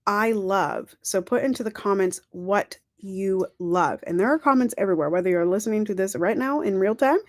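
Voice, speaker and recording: A woman's voice: medium pitch, normal speed, few pauses, no room sound. A woman hosting a casual livestream, talking in a chatty, encouraging way, correcting herself as she goes, her throat dry. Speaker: livestream host.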